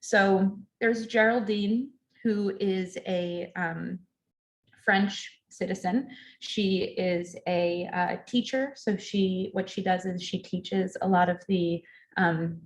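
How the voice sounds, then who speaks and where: A woman's voice: mid-range voice, fairly even intonation, slow pace. A woman from the library staff talking casually about a book she enjoyed, chatty and full of ums and fillers. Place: library event, recorded online.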